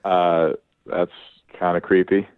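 A man's voice: low-pitched, little pitch movement, takes it slowly, a crowd in the background. Awkward young man on a phone line. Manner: hesitant, awkward. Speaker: caller on the phone. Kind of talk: phone interview.

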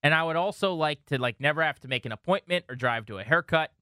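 A man in his thirties co-hosting a casual sports talk show, telling animated stories. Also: fairly high pitch, fast, clean tone, no room sound, clean studio sound. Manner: animated storyteller, slips into funny voices. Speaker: podcast co-host.

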